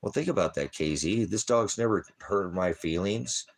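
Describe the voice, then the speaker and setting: Low-set and creaky, his voice moves at normal speed. As a preacher for a small ministry, he rambles through an off-the-cuff livestream-style talk, wandering, joking, and speaking to his dog between points.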